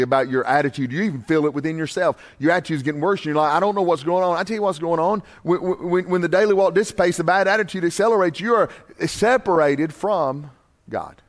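A man's voice: fairly high pitch, fast talker. A man preaching a sermon, building his points through repeated refrains. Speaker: pastor.

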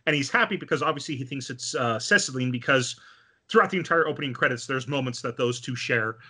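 Bright-voiced man recapping an anime. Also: mid-range voice, quick pace, husky. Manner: animated storytelling with many fillers. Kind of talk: casual chat recapping an anime.

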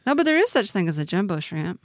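A woman's voice: mid-range voice, big pitch swings, fast, no echo, clean studio sound. A woman co-hosting a podcast in casual chat, chatty and self-deprecating. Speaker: podcast co-host.

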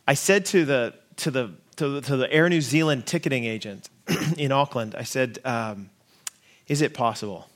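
A man's voice: mid-range voice, normal speed. Brief: American male pastor in his forties, funny, self-deprecating sermon anecdote to a congregation. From United States. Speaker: lead pastor. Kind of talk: sermon storytelling.

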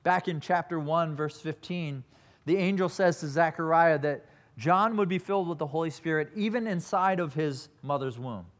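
A man's voice: fairly high pitch, moderate pace. Man preaching an earnest sermon. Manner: earnest storytelling preacher, reads scripture aloud. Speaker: pastor.

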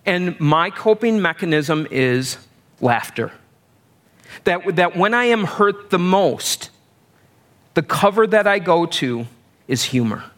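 A man's voice: high voice, expressive, slow, long pauses, fairly bright tone. A middle-aged male pastor giving a conversational sermon, with self-deprecating humor and everyday examples.

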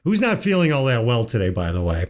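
A man hosting a financial talk show, telling a joke slowly in a folksy way. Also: mid-range voice, huge pitch swings, a little mellow. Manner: unhurried, folksy storyteller. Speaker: financial advisor and show host. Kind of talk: casual radio talk with told jokes.

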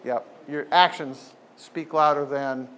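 A man's voice: a little high, slow, a little hiss or hum. Emphatic man teaching a group. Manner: animated, emphatic, repeats phrases for effect. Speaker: speaker leading a group talk. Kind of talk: informal teaching talk.

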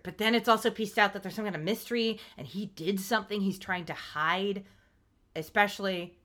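A woman co-hosting a casual TV recap podcast, talking animatedly, swearing and acting out scenes in quick quoted asides. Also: medium pitch, fairly bright tone. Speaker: podcast co-host.

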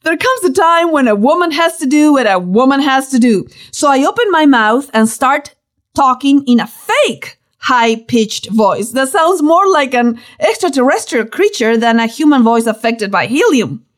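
A woman reading a personal story aloud, with lively storytelling and playful emphasis. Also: sits high, moderate pace. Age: young adult. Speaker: narrator.

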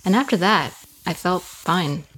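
Low-voiced young woman telling a personal story. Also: lively intonation, unhurried, fairly bright tone. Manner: earnest, candid, repeats words while telling a story. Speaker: guest. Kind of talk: casual podcast chat, personal storytelling.

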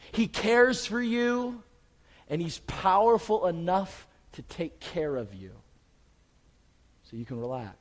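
A man preaching a sermon as pastor, swinging from urgent, raised emphasis to quiet, soft reassurance. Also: high-pitched, big-room sound, poor audio.

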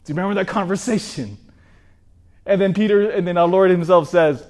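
A man preaching a sermon in an animated way, asking his listeners rhetorical questions. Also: high voice, brisk.

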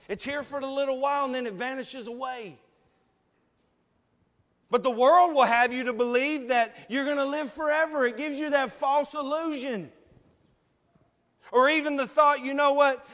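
A high-pitched man preaches to his congregation, earnest and pleading. His voice rings through a church hall with a long reverb tail. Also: fairly even intonation, moderate pace, fairly bright tone. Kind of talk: sermon.

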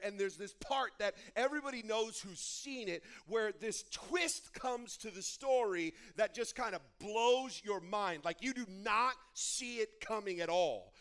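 A young man preaching a sermon, telling a story with lively energy and frequent restarts. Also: high-pitched, a little slow, few pauses. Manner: animated storytelling, many restarts. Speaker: pastor.

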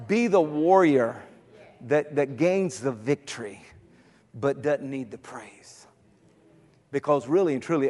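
High-voiced preacher man in a reverberant hall. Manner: dramatic swings from soft to shouting. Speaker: pastor. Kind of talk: sermon.

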